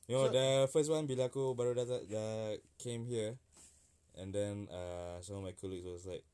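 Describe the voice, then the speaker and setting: Mellow low-voiced Singaporean man. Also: steady tone, normal speed, clear, resonant tone. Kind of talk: casual chat mixing English and Malay.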